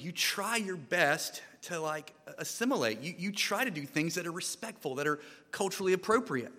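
An American man preaching a sermon into a microphone, in a conversational, animated way with frequent restarts and repeated words. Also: fairly high pitch. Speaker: guest preacher. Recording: long hall reverb.

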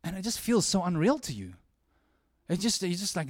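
High-voiced, animated preacher. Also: male voice, brisk. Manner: earnest, animated, conversational, with frequent restarts and swings from hushed to loud. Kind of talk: sermon.

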